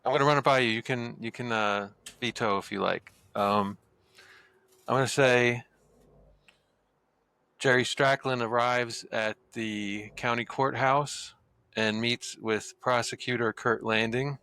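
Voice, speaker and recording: Man, bright, smooth clear voice, playful, improvising story in tabletop game, casual chat. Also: mid-range voice, steady tone, a little slow. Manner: playful, improvises story ideas, jokey questions. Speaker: player.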